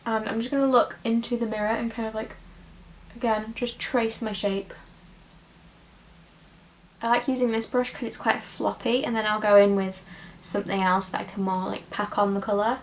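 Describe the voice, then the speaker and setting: A woman's voice: on the high side, little pitch movement, normal speed, long pauses, slight background noise, poor audio. A woman, chatting her way through a casual makeup tutorial at home in a rambling, talkative way. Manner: chatty and rambling, full of "like" and "you know". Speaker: makeup vlogger.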